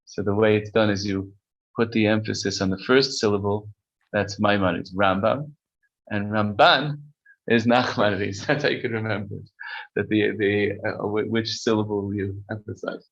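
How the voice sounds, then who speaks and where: A man's voice: fairly low pitch, level tone, moderate pace, lo-fi sound. A man teaching a casual text-study class, reading Hebrew passages aloud and explaining them conversationally. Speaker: Torah teacher.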